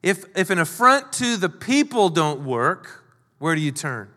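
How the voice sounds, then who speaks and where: A male pastor with a high, light voice preaches an animated sermon at a measured pace. He speaks casually and acts out quoted lines in the voices of the people he's quoting. A long reverb carries his words through a large hall.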